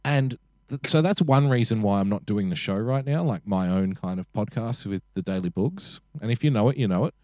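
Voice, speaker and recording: A man's voice: lowish voice, animated, fairly quick, darkish tone, dry recording. Young guy on a podcast, rambly, swears a lot, voice bounces up and down, dry close sound. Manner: rambling, self-deprecating, swears casually. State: frequently sick. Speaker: podcast co-host. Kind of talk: casual podcast chat.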